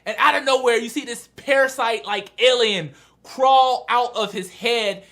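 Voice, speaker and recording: A man casually reviewing a manga chapter, animated and excitable as he retells scenes. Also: very high-pitched, moderate pace. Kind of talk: casual video review chat.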